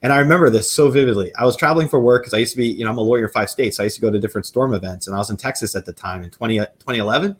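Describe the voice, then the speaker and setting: A man's voice: medium pitch, very fast, hardly any pauses, slightly rough. A man in his forties telling a personal story in conversation, acting out the dialogue as he goes. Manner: animated storyteller who acts out quoted dialogue. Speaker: guest.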